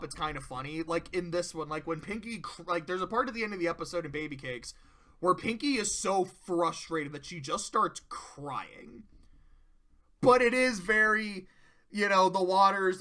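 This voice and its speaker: A man casually recapping and reviewing cartoon episodes, swearing freely and acting out the characters' quotes. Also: sits high. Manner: animated storyteller who swears and acts out quotes. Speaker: video reviewer.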